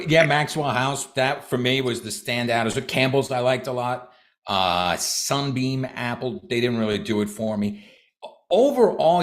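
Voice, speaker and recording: A man judging a voice-over contest, giving halting, hesitant feedback with many pauses. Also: medium pitch, a bit bright. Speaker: judge. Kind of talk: casual critique.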